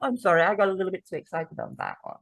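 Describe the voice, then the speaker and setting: A woman's voice: lowish voice, wildly swooping pitch, racing, gravelly, fairly bright tone. A woman co-hosting a podcast, chatty and sweary in casual talk. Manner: chatty and sweary, laughs often. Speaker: podcast co-host. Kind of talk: casual chat.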